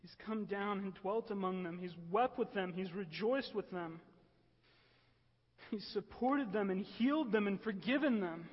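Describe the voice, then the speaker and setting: High-voiced man preaching a sermon. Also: normal speed. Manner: earnest, often asks the room "right?". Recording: echoey hall, dull lo-fi sound.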